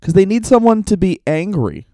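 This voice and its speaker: A man's voice: high voice, big pitch swings, moderate pace, mellow, dry recording, studio quality. A man co-hosting a comedy podcast, riffing and joking in casual chat with silly asides. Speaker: podcast co-host.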